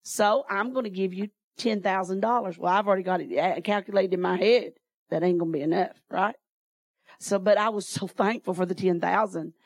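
A woman's voice: mid-range voice, a little fast. A woman preacher, telling a folksy testimony in her sermon and laughing often.

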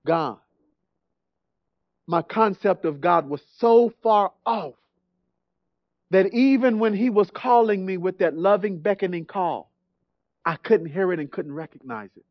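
A man preaching a sermon in a church, telling his own story in an animated, storytelling way and often repeating words. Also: sits high, a little slow, pauses often, no echo. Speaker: guest preacher. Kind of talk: sermon with personal testimony.

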